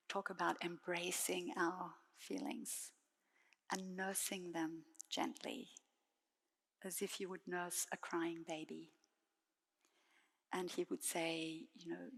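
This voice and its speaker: A woman giving a dharma talk as a Buddhist nun, speaking gently and softly with measured pauses. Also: fairly low pitch, creaky, in a large hall.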